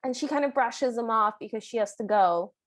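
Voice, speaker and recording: A woman's voice: on the high side, fairly quick. A woman co-hosting a podcast, chatty and reactive, sharing her own opinions about a movie. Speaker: podcast co-host. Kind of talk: casual movie recap chat.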